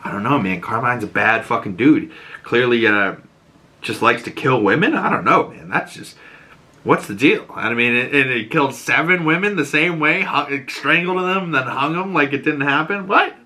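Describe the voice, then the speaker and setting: Casting note: young Boston-accented male podcaster, bright forceful voice, lively recap delivery with character voices. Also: normal speed. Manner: animated, acts out quoted lines in higher voices. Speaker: podcast host. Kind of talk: casual TV episode breakdown.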